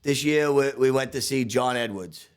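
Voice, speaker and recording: Profane, animated chef from Staten Island. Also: male voice, medium pitch, moderate pace, clean tone. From Staten Island, New York. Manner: profane, laughing, animated storytelling. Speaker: podcast co-host, chef. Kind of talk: casual podcast chat.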